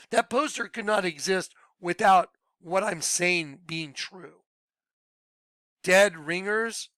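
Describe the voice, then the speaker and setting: A man talking excitedly to his viewers, laughing often and trailing off mid-sentence. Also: sits high, clear, resonant tone, no room sound. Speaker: video blogger. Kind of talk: rambling monologue to viewers.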